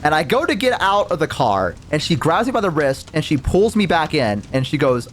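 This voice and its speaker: A young man telling a casual story, animated, acting out the voices in it, with lots of fillers and casual swearing. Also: fairly high pitch, brisk, few pauses, slight background noise. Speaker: VTuber storyteller.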